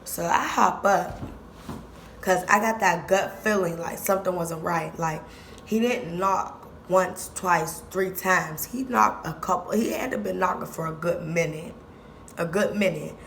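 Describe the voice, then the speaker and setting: A woman's voice: fairly low pitch, measured pace, fairly bright tone, slight background noise. A young woman vlogger telling a story in casual, slangy speech, repeating lines for emphasis.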